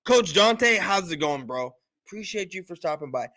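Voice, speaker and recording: A man with a high-pitched voice argues his sports takes loudly, hammering each point again and again. He has been drinking a little, and his speech stays forceful and insistent. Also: expressive, normal speed. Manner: loud, emphatic, repetitive insistence. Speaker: sports podcast host. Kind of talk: heated sports opinion talk.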